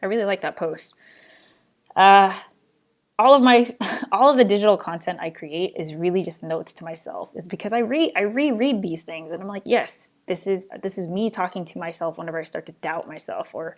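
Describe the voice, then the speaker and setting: Young adult woman, live show host, casual rambling chat, lowish pitch. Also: moderate pace. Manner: rambling, answers viewer questions, restarts often.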